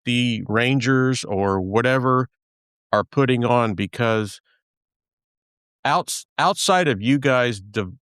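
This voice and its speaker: Podcast host, man from Texas, mid-pitched, smooth voice, loose rambling delivery. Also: slow pace, fairly bright tone, no echo, clean studio sound. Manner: rambling, many fillers and restarts. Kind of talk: casual chat.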